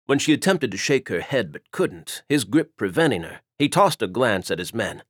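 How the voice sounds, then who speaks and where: A male audiobook narrator with a mid-range voice reads scripted narration at normal speed, steady and even. The recording is dry, with clean studio sound.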